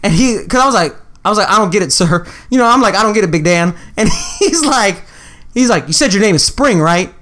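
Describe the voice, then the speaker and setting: Animated storytelling man, laughing often. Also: high-pitched, a little fast. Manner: animated, acts out quotes, laughs often, swears. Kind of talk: casual storytelling chat.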